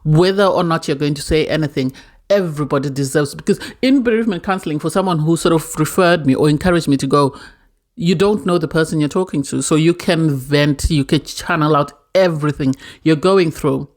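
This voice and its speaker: A woman's voice: low-pitched, fairly quick, darkish tone. A woman reviewing a reality TV episode in a casual, emotional way, often repeating herself as she talks. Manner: emotional, earnest, repeats words.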